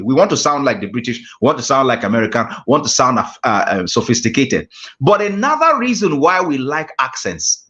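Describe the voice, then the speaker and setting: A man's voice: medium pitch, a bit bright. A man, a guest mentor giving a motivational class talk with emphatic, repeated phrases. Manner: emphatic, preacher-like repetition. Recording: dull lo-fi call audio.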